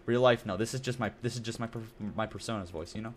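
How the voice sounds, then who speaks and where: A man's voice: lowish voice, quick pace. A young man streaming a building game, chatting in a rambling, self-deprecating way with lots of asides. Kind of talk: casual gameplay commentary.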